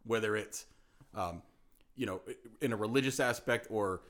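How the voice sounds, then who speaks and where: A man's voice: lowish voice, moderate pace, a bit bright. A man co-hosting a podcast in casual chat, joking, incredulous and rambling with many restarts. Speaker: podcast co-host.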